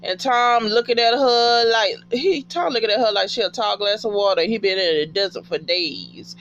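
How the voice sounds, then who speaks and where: A woman giving a casual TV episode recap in an animated, profane way and talking back to the characters. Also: mid-range voice, moderate pace, dull audio, slight background noise.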